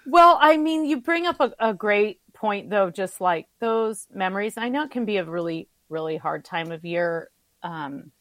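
A woman's voice: medium pitch, lively intonation, moderate pace, a bit bright, no room sound. A woman co-hosting a show in casual chat, sympathetic and chatty with fillers.

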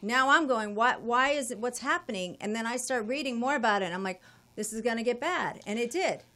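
A woman guest telling a long travel story in a casual, profane, animated way. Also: fairly high pitch, fairly quick.

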